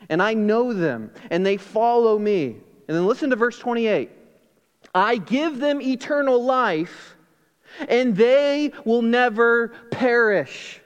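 A high-voiced man preaching to a congregation, pressing his points with rhetorical questions and little acted-out scenes. His voice rings out in a church sanctuary with a long hall reverb. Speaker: pastor. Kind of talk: sermon.

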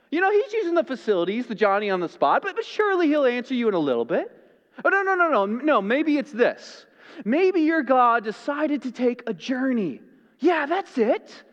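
Man acting out sarcastic prophet, high lively taunts, teasing and exaggerated. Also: long reverb tail, muffled recording. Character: sarcastic mocking male prophet taunting rivals.

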